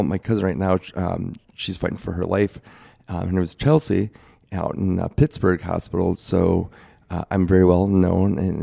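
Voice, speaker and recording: A low, gravelly man in his forties with a dark, mellow tone, recounting his story in a casual chat. He talks in a plain-spoken, rambling way, circling back as he goes. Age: 40s. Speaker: guest telling his story.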